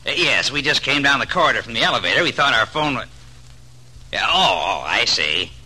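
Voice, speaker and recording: An actor playing a jittery, eager young bridegroom in an old-time radio drama. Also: male voice, medium pitch, very animated, fairly quick, sharp tone, slightly rough, heavily acted, rough recording. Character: nervous, eager bridegroom doctor Elwood.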